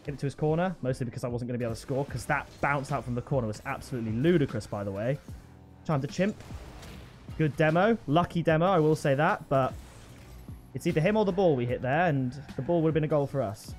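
A young man hosting a gaming channel, commentating his own match live and bursting into excited shouts at big plays. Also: mid-range voice, fast, soft background music.

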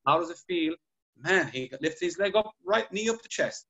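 A man chatting on a podcast, telling patient stories with lively acted-out dialogue. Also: sits high, moderate pace, highs cut off. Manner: animated storytelling, acts out patient dialogue. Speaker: podcast guest clinician. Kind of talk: casual podcast chat.

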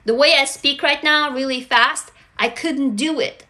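Russian-born woman host, casual live chat, swears a lot, bright tone. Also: high-pitched, measured pace. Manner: energetic, swears freely, greets viewers. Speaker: livestream host.

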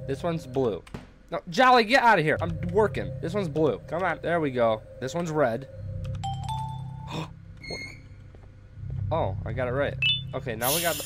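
A man's voice: medium pitch, lively intonation, normal speed, long pauses. A man doing horror game commentary, animatedly bossing around his drone and shrieking when scared. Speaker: gaming YouTuber. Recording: music playing behind voice. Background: game music.

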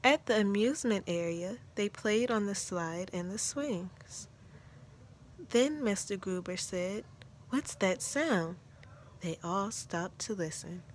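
A woman reads a children's picture book aloud, taking her time over each sentence. Her delivery is gentle and measured, at an ordinary middle pitch, with a faint hiss behind her. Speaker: storybook narrator. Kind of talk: children's story read aloud.

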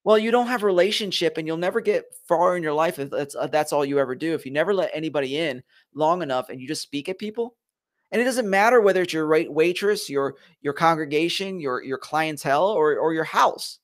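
A man from Philadelphia, USA leads a motivational leadership stream, talking to his audience earnestly and with emphasis. His voice runs on the high side and moves fairly quickly.

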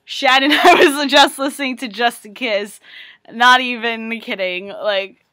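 A young woman chatting casually in a vlog, excitable and full of "like". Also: fairly high pitch, measured pace. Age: young adult. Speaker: vlogger.

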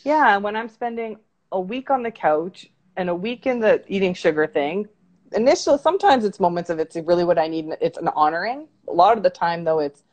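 A woman's voice: lowish voice, lively intonation, a little fast, a little mellow. A woman life coach talking candidly and reflectively about feelings in a casual video call interview. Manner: reflective and candid, talks things through with many "like"s. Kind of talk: casual conversation on a livestream interview.

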